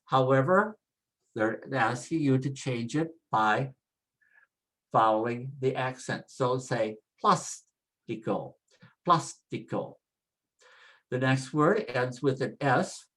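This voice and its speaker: An instructor talks through a pronunciation lesson at a very slow, unhurried pace. The delivery is plain and methodical, laying out one rule at a time. Each example word is said once, then repeated, so learners can copy it. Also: medium pitch, poor audio. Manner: plain step-by-step explaining. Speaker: language instructor. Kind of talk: spoken lesson with slides.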